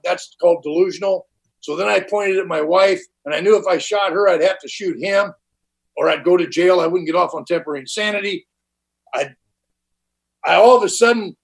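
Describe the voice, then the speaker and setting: A man's voice: sits high, low-quality recording. An older man giving a personal recovery testimony at a meeting, candid and blunt, with plain slang and frequent restarts. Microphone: online conference talk.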